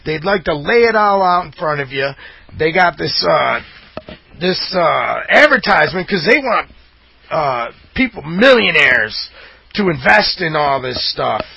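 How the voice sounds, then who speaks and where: Gravelly guy going off on a rambling rant, kinda higher voice, dry muffled audio. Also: big pitch swings, a little slow, sharp tone, dry recording. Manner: fired-up, rambling, emphatic. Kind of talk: impassioned conspiracy monologue. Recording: dull lo-fi audio.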